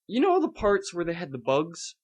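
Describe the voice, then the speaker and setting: A man's voice: sits high, normal speed. A man hosting a podcast, ranting about a night at the movies in casual chat and swearing freely. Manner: ranting, swearing, animated storytelling. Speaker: podcast host.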